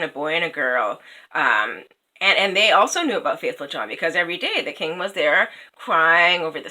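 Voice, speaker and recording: A woman's voice: medium pitch, bright, forceful tone, poor audio. A woman casually retelling a fairy tale, chatty, with many fillers and asides. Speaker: storyteller.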